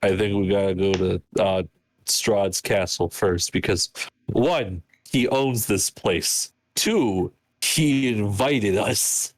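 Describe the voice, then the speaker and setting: A man playing a tabletop game, thinking aloud in an unhurried way. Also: fairly low pitch, no room sound. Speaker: player.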